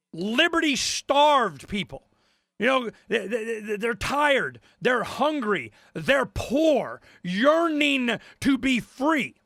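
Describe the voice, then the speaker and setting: A man hosting a talk radio show, ranting with sarcasm, repeating himself and breaking into shouts. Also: very high voice, creaky, no room sound, clean studio sound. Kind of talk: angry radio rant.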